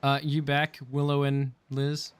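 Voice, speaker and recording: A man's voice: on the high side, monotone, measured pace, clear, resonant tone. A man narrating as dungeon master in a casual, joking way, often correcting himself. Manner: casual, laughing, self-correcting. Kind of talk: narrating a tabletop game.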